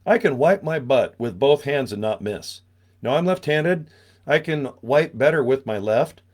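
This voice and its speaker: A man's voice: medium pitch, lively intonation, a little slow, darkish tone. A man, hosting a live webinar from a small studio in a joking, rambling, casual way. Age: 50s. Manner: joking, rambling, tangent-prone. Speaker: webinar host. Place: small radio studio room.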